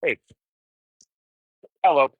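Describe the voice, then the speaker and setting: A man casually telling hitchhiking stories on a livestream, full of swearing and lively asides. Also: very slow, no room sound, phone-quality sound. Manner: profane, animated storytelling.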